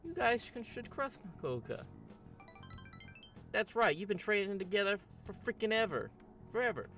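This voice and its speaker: A man's voice: sits high, big pitch swings, normal speed, fairly bright tone, faint music behind, pitched above the performer's own voice, heavily acted. A man doing a brash slangy teen boy. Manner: slangy, drawling put-on accent. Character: brash rough-talking teen boy, loud and loyal. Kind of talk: game voice-over reading.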